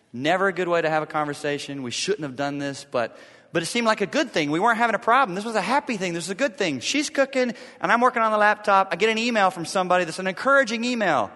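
Middle-aged male preacher, animated storyteller, bright lively delivery in a reverberant hall. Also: sits high. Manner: animated storytelling, acting out both sides of a quarrel. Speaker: pastor. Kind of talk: sermon.

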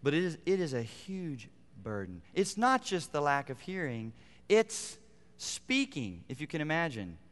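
A middle-aged man preaching a sermon as pastor, animated, climbing to emphatic peaks and dropping to quiet asides. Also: fairly high pitch, unhurried. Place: church sanctuary. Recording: long reverb of a large hall.

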